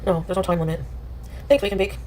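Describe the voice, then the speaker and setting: A woman's voice: lowish voice, steady tone, fast, darkish tone, a little hiss or hum. A woman chatting casually on a livestream, dismissive and rambling, full of filler "like"s. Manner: dismissive, rambling, many likes.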